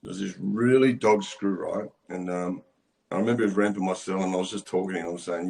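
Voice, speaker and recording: A middle-aged Australian man with a very deep voice talks in a loose, blunt way. He swears freely and wanders through his story in casual conversation. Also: steady tone, fairly quick, gravelly, a little mellow. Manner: blunt, profane, rambling storyteller. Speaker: former prisoner sharing his story.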